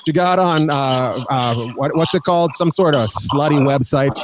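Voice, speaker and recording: A man doing crowd work as a comedian on a live stream, teasing people with quick banter and laughing at his own jokes. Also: on the high side. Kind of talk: crowd work with an online audience. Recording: loud background noise.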